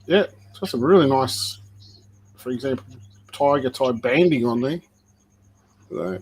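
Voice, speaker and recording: A man's voice: medium pitch, moderate pace, a little mellow, slight background noise, rough recording. A man breeding snakes, chatting casually and explaining genetics step by step while he works on a livestream.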